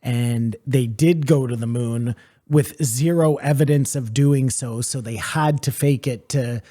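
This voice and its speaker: A man's voice: medium pitch, a little slow, dark tone. A man on a podcast in casual chat, laying out his reasoning step by step and pushing back. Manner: argumentative, lays out reasoning step by step.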